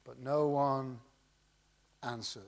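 A man preaching a sermon and reading scripture, swinging dramatically between loud emphasis and hushed tones. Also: mid-range voice, fairly even intonation, slow, gravelly.

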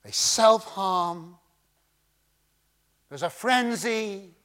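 A preacher delivering a sermon in a voice that sits very high for a man. He reads scripture at a slow, deliberate pace. He swings dramatically between ringing emphasis and hushed, quiet phrases.

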